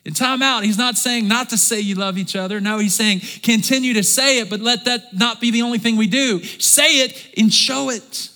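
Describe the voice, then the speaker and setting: A pastor delivers a sermon to his church in a high, bright voice that trails a long reverb through the hall. At normal speed with few pauses, he sinks soft and low, then rises loud and emphatic, calling for the congregation to respond.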